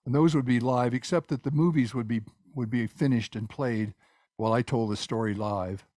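Older man talking haltingly over a dry call. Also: medium pitch, a little mellow, no echo. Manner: rambling, halting with restarts. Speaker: guest speaker, composer. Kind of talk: casual presentation and Q&A.

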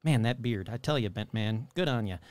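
A man's voice: fairly low pitch, expressive, a little fast, darkish tone, dry recording. A man hosting a podcast, talking casually and jokily as he rattles off long lists of listener names. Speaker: podcast host.

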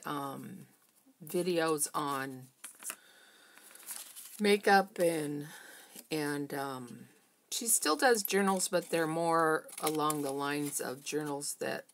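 Chatty middle-aged woman vlogger, low gravelly voice, unhurried craft chat in her studio. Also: a little hiss or hum. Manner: chatty, personal, greets viewers by name. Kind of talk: casual chat while crafting. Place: home art studio.

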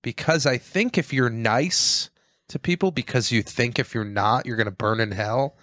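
A man's voice: medium pitch, moderate pace, no echo. Male co-host, mid-range voice, jokey, dry studio sound. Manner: jokey, tosses off deadpan gags. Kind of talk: casual comedic chat.

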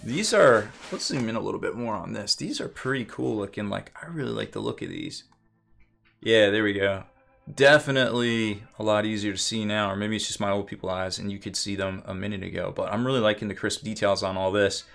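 A man's voice: fairly low pitch, fairly quick, vocal fry, fairly bright tone. A man giving a casual unboxing commentary as a miniatures reviewer, rambling with fillers and self-corrections.

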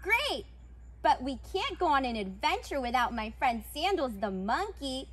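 A woman rehearsing the role of a cheery young girl explorer, delivering her lines in a slow, bright, sing-song way. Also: high-pitched, sing-song. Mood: chirpy. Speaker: actress rehearsing a scene.

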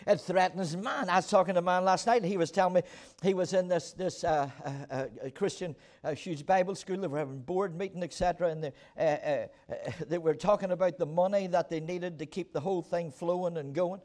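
Brief: fervent male pastor with a high-pitched voice, preaching a storytelling sermon to his church. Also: normal speed, darkish tone. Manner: fervent preaching, tells stories and calls on the congregation to respond. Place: church auditorium.

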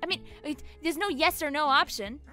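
A young woman streaming a video game, chatting excitably, giggling and shrieking at the screen. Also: high voice, moderate pace, faint music behind. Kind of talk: gameplay commentary.

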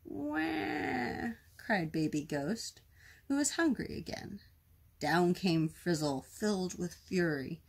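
A woman reading a children's picture book aloud, slow and expressive, giving the characters their own voices. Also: fairly low pitch, husky. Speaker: storyteller.

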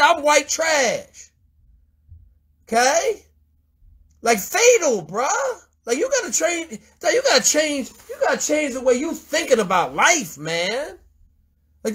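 A man with a very high, husky voice lectures in a blunt, profane rant. He is confrontational and swears constantly, hammering his point home. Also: a bit bright. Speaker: host mentor.

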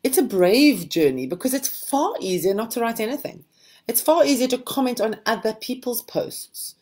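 A woman's voice: a little high, normal speed. A woman, a book mentor talking casually and encouragingly to a group of writers. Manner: reflective, encouraging, steady. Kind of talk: casual conversation to a writing group.

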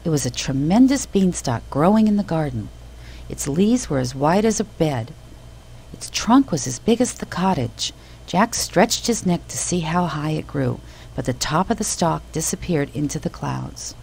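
Woman storybook narrator, very low and gravelly, lively swings in pitch. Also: moderate pace, a little hiss or hum, rough recording. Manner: expressive, animated reading.

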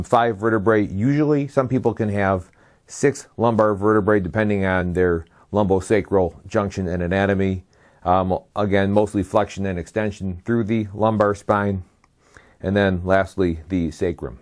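Slightly low-voiced man giving a methodical lecture. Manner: methodical, listing terms one by one with brief dry asides. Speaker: medical lecturer. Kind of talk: slide lecture.

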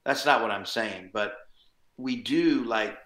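A man, a voice actor guest, chatting casually in an interview, animated and quick with asides and chuckles. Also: on the low side. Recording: roomy echo.

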